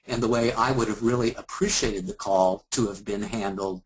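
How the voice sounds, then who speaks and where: A man from Kansas leading a customer service lesson, talking calmly and courteously while he role-plays a helpful support agent. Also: on the low side, moderate pace, breathy edge, poor audio. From Kansas, USA. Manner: calm, apologetic and courteous. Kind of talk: instructional talk with role-play.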